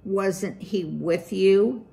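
A woman's voice: medium pitch, drawn-out words, creaky, mellow, voice pushed up. A woman voicing a pompous, scolding old male mouse, the head of a large family, in a storybook reading. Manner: scolding, haughty.

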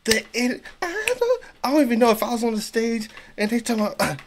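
A man's voice: very high-pitched, fast, noisy background. A man hosting a reaction video, chatting casually and exclaiming as he watches. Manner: animated, exclaiming, laughing along. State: a little out of breath. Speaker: reaction channel host.

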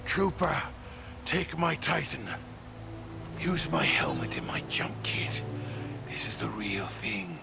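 An actor playing a gravely wounded male soldier who speaks in a strained, halting way, coughing as he gives his last orders. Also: on the low side, wildly swooping pitch, heavily acted. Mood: dying. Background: game music.

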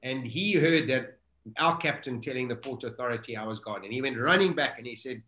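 A man's voice: medium pitch, brisk, roomy sound. A middle-aged South African man vividly retelling a survival story as an interview guest. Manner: vivid, animated retelling with acted-out self-talk.

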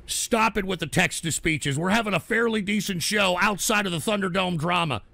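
Brief: high, gravelly male host, profane ranter, yells at trolls, dry close sound. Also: moderate pace, no echo. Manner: ranting, swearing, shouting at trolls. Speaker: political talk show host. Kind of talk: angry livestream rant.

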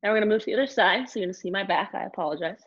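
A woman teaching a live online yoga class, giving calm step-by-step cues between sighs and exhales. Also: mid-range voice, rapid-fire, slightly rough, lo-fi sound. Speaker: yoga instructor.

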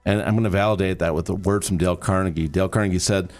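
A middle-aged man from Michigan hosting a podcast, talking in an animated, emphatic way and making playful sound effects. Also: low voice, rapid-fire, soft background music. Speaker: podcast host. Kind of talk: casual podcast talk.

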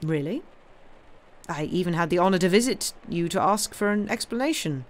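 A woman's voice: on the low side, animated, normal speed, close to an everyday voice. A woman reading aloud, voicing a pompous middle-aged male banker who stammers and turns haughty. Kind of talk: reading a novel aloud on a livestream.

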